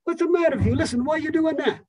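A man's voice: very high voice, voice pushed up. A man doing a brash, pushy Philadelphia guy. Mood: scolding. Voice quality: loud, needling, rapid-fire questions.

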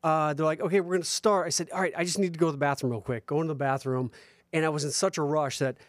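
A man, a guest actor, telling animated anecdotes in a casual interview. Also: fairly high pitch, rapid-fire, no echo, clean studio sound. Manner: animated, laughing storyteller. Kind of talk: casual storytelling.

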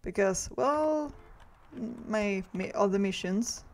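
A woman's voice: medium pitch, expressive, takes it slowly, noisy background. A woman giving casual let's-play commentary, flustered and swearing, chanting "nope" over and over. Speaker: gaming video creator.

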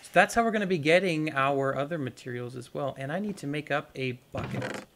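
A man's voice: fairly high pitch, a little fast, a bit bright. Young male gaming host, rambling let's-play chat, light hiss on the mic. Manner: rambling, talks to viewers while playing. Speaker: gaming YouTuber. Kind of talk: casual let's-play commentary.

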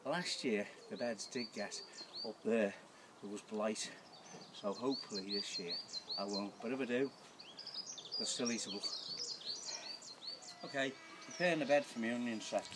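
A man's voice: lowish voice, moderate pace, background noise. An older man casually talking through his gardening work in an outdoor garden, rambling with plain words and many restarts. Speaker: home gardener. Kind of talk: casual narration while gardening. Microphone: camera held by someone filming. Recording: loud outdoor ambience with birds. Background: birdsong.

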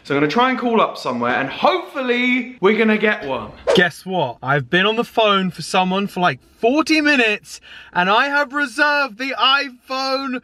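A young man from England, chatting casually to camera in an excitable, playful vlog. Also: moderate pace. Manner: excitable, playful, swings between loud and low. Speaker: vlogger.

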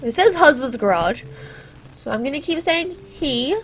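A teenage girl with a bright, high voice talks casually over her gameplay. She rambles and wanders into playful, sarcastic asides. Her voice sits well above most women's. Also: expressive, normal speed, soft background music. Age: teens. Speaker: gaming channel host.

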